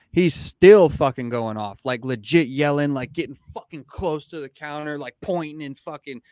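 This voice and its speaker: A man's voice: medium pitch, moderate pace, few pauses, dry recording, studio quality. A young adult man hosting a podcast in casual chat, telling profane stories and acting out what people said. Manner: animated storyteller who acts out quotes. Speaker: podcast host.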